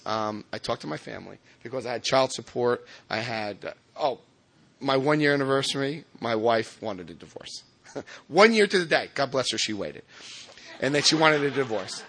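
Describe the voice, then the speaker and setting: A man from New Jersey shares his personal recovery story with a meeting. He tells it in an animated, self-mocking way, full of restarts. His voice is bright and forceful. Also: mid-range voice, brisk, gravelly. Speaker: recovering alcoholic speaker.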